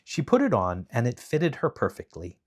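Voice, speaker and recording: Man, storyteller, bedtime story, animated, wide-ranging pitch. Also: normal speed. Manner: animated, dramatic voice changes.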